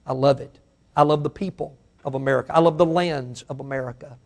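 A pastor with a Mississippi Southern accent preaching a sermon, his voice swelling to fiery shouts and then falling to a hushed prayer. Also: medium pitch, steady tone, a little fast, creaky. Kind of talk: sermon with altar call.

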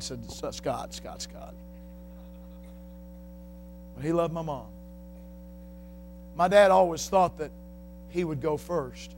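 Male preacher, middle-aged, high voice, fiery sermon delivery, faint hum behind. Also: measured pace, pauses often. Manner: fiery shouting preaching, then quiet storytelling.

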